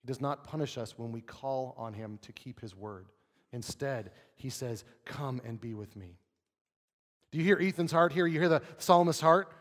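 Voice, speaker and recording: An earnest male pastor preaching a sermon, his mid-pitched voice trailing into a long hall reverb. He leans on rhetorical questions and sinks low and soft when he reads scripture aloud. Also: normal speed.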